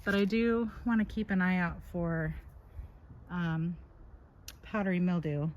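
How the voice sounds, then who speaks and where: A woman around forty, vlogging from her garden, gushing with excitement and at times dropping to a whisper. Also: fairly low pitch, measured pace, highs cut off. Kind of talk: casual garden vlog. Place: outdoors in a home garden.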